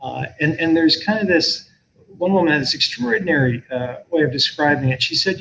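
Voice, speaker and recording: A man's voice: a little high, expressive, a little fast, creaky, fairly bright tone, slight background noise, poor audio. A middle-aged man, a professor, talking earnestly and thoughtfully on a call, often restarting his sentences. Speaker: professor and guest speaker. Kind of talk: conversational talk on a video call.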